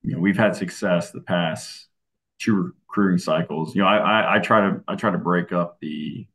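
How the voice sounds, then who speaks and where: A man, a college football coach, talking in a casual interview, relaxed and often restarting his sentences. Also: low-pitched, moderate pace. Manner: relaxed, many restarts and fillers.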